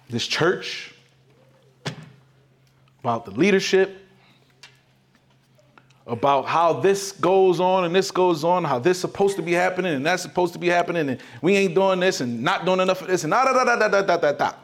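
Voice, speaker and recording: A man's voice: high-pitched, normal speed. A man preaching a sermon as pastor, emphatic and repetitive. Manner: emphatic, repetitive preaching with sudden swings in loudness.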